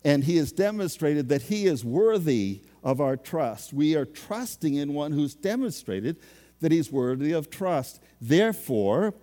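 A male pastor delivers a sermon in a slow, mellow voice, his pitch rising and falling with lively expression. He talks conversationally and pokes fun at himself. His words ring out with the long reverb of a large hall. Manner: conversational, self-deprecating preaching.

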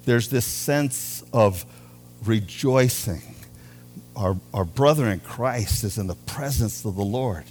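A man preaching a sermon as a pastor, with animated delivery, drawing out key words for emphasis. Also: lowish voice, slow, faint music behind.

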